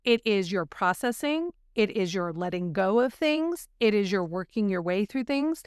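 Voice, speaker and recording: In a relaxed podcast conversation, a female co-host is candid, reflective and openly emotional. She has a smooth, medium-pitched voice, animated and moderately paced, captured with clean studio sound and no room sound.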